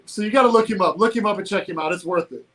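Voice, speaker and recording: A man co-hosting a casual political talk show, animated and laughing often, from Georgia in the United States. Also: high-pitched, rapid-fire, over a noisy crowd, poor audio. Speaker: co-host.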